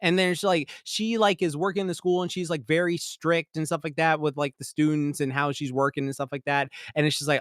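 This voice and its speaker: A man's voice: fairly high pitch, steady tone, a little fast, few pauses, dry recording, clean studio sound. A man co-hosting a podcast, giving a casual, rambling review full of fillers and swearing. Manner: rambling, profane, many fillers, bursts into heated outrage. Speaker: podcast co-host.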